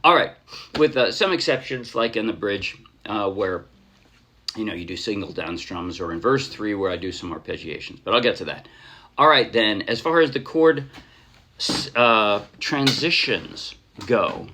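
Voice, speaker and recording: A man giving a casual ukulele tutorial, chatting in a relaxed way, correcting himself and counting beats aloud. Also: on the low side, moderate pace. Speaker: ukulele teacher. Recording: clear ukulele music behind voice. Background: ukulele playing.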